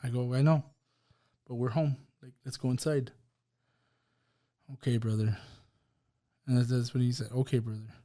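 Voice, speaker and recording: A man tells a raw personal story as a podcast guest and voices each person's words as he goes. His voice is mellow and dark, at a middle pitch. He speaks with heavy emotion throughout. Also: fairly even intonation, a little fast. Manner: emotional storytelling, acts out dialogue. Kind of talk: personal testimony.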